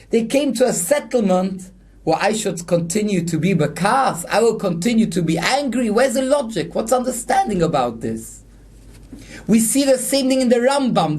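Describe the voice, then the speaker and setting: A man's voice: sits high, a little mellow, husky. Male rabbi, earnest sermon delivery, storytelling, glosses each Hebrew term in plain speech. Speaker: rabbi giving a Torah class.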